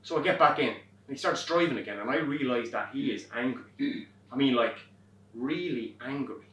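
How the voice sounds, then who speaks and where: A young Irish man performing a wry comic monologue on a theatre stage, swearing and animated as he tells a story. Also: medium pitch, moderate pace, close to an everyday voice. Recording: roomy stage from far off.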